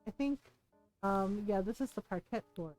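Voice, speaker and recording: A woman streaming a cozy life-sim game, chatting casually while she decorates. She is animated, laughs often, and swears freely. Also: mid-range voice, moderate pace, faint music behind, poor audio. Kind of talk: casual gaming stream chat.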